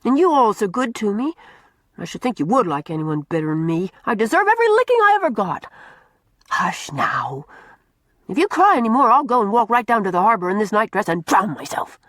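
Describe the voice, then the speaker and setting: A woman reading an audiobook voices a blunt, quick-tempered orphan girl who talks in folksy rural slang. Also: a little high, big pitch swings, fairly bright tone, no room sound, clean studio sound, pitched above the performer's own voice.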